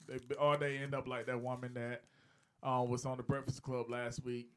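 A man's voice: medium pitch, flat delivery, normal speed, smooth. A man hosting a podcast, chatting casually and speaking straight to his listeners. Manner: conversational, addresses listeners directly. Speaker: podcast host. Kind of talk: casual chat.

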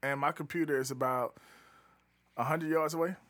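A man chatting casually in relaxed slang, with lots of fillers, trailing off while he hunts for names. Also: on the high side, normal speed. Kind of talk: casual chat.

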